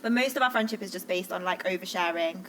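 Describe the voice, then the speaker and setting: A woman's voice: lowish voice, fast talker, a bit bright, slight background noise, poor audio. A young woman co-hosting a podcast, chatting casually with teasing, giggly banter. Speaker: podcast co-host. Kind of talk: casual chat.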